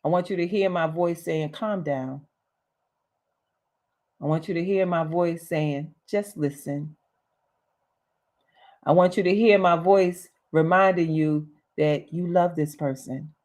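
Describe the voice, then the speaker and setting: A woman's voice: on the low side, fairly even intonation, normal speed, few pauses, darkish tone. A woman hosting a livestreamed motivational talk, speaking emphatically, repeating key phrases, with casual slang. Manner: emphatic and repetitive, uses slang. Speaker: host.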